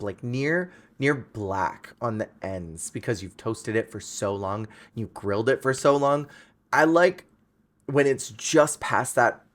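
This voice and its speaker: A man hosting a podcast, chatting casually and ranting playfully in an animated way. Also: medium pitch. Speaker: podcast host. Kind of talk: casual chat.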